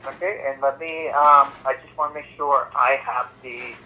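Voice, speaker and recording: A man's voice: mid-range voice, fairly even intonation, moderate pace, pushed and bright, slight background noise. A man answering as a corporate phone representative, hesitant and careful with many fillers, heard through a phone line. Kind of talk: customer service call.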